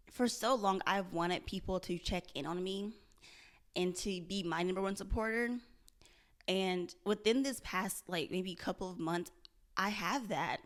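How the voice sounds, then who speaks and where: A young woman vlogging candidly about her struggles, earnest and self-searching, often repeating and restarting her phrases. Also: lowish voice. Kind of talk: candid confessional vlog.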